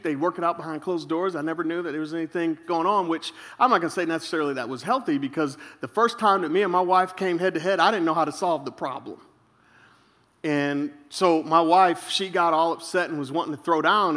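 A bright, high-pitched man preaching in a hall with a long reverb tail. He tells stories with lively jumps in pitch, acting out what people said. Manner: animated storytelling, acts out quotes with big pitch jumps and laughs. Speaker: pastor. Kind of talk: sermon.

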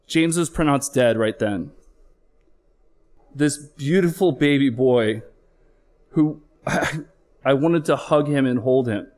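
On stage, a middle-aged flight paramedic recounts something that really happened to him, frank and full of feeling. His medium-pitched voice has a darkish tone, and he curses occasionally and slows down when stressing a point.

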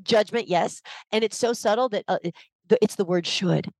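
A woman's voice: mid-range voice, moderate pace, vocal fry, darkish tone, no room sound. A woman leadership coach explaining her ideas with energy and emphasis in a podcast interview over a video call.

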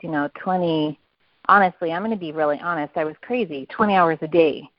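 A woman's voice: low-pitched, brisk. Eager, rambling woman on a dull phone line. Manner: eager, rambling with many restarts. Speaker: network marketing guest. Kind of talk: casual phone interview.

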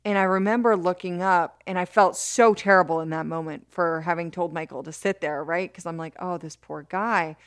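A woman as an interview guest, telling a story in an animated way with many restarts and bursts of laughter. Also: fairly low pitch, fairly quick, hardly any pauses, clean tone, no room sound, clean studio sound. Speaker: interview guest, criminal justice advocate.

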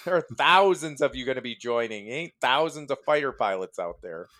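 A man hosting a casual podcast chat, animated and laughing often as he tells stories. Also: medium pitch, a little fast. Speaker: podcast host.

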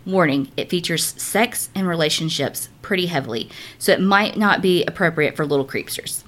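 A woman co-hosting a podcast, reading listener stories aloud in an animated, casual way, swearing now and then. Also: on the low side, moderate pace. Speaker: podcast co-host.

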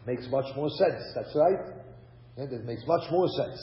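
A man's voice: medium pitch, animated, unhurried. An older man giving a conversational lecture on raising children, often asking rhetorical questions and mixing in Hebrew and Yiddish terms. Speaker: rabbi and lecturer. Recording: dull lo-fi recording in a hall.

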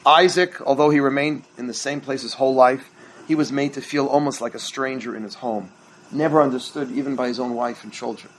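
A man's voice: medium pitch, steady tone, brisk, a little hiss or hum, rough recording. A middle-aged man, a rabbi, teaching a holiday workshop in a conversational storytelling way and now and then quizzing his listeners.

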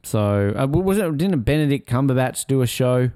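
A man's voice: medium pitch, animated, normal speed, dark tone, clean tone, no echo. A man co-hosting a podcast, rambling and swearing casually as he chats and laughs. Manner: rambling, laughing, swearing, drops into silly voices. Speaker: podcast co-host. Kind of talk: casual chat.

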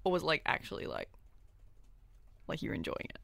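A woman's voice: low voice, huge pitch swings, fairly quick, gravelly, a bit bright, no echo. A woman co-hosting a podcast, asking curious, probing questions. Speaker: podcast co-host. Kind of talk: casual banter.

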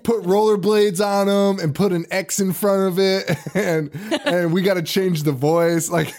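A man's voice: high-pitched, measured pace. A man co-hosting a horror movie podcast, chatting casually and telling stories with lots of laughs and restarts. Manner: animated storyteller, frequent laughs and restarts. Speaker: podcast co-host. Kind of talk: casual chat.

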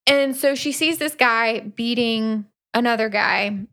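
Podcast co-host, woman, lively casual recap voice, a touch high. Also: slow pace. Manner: animated retelling with playful voices for characters. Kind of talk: casual book-review chat.

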